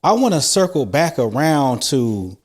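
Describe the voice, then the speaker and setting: A man's voice: mid-range voice, sing-song, a little slow. A man co-hosting a casual interview, setting up questions in an easygoing, slangy way. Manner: laid-back, slangy, leading questions with lots of fillers. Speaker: interview co-host.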